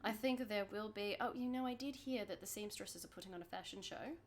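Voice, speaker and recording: A woman's voice: medium pitch, brisk, slight background noise, natural voice. A woman voicing a young, stylish female half-elf wine merchant who chats breezily and gossips with candid asides in a tabletop role-play. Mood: gossipy.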